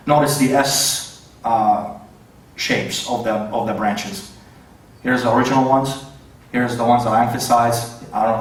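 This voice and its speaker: A man at a mid pitch gives a debate talk, stumbling often and correcting himself as he goes. His voice rings around a very echoey hall and sounds set back from the microphone. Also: far from the mic. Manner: hesitant, many fillers and self-corrections. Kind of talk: debate presentation with slides. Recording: very echoey hall, voice away from the mic.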